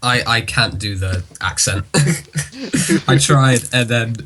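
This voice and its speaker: A man's voice: mid-range voice, slow pace, background noise. A man on a casual podcast panel, giggly and self-deprecating.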